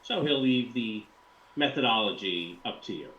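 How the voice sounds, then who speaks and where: A man narrating as game master in an online tabletop game, relaxed and filling pauses with ums and uhs. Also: lowish voice, dull audio.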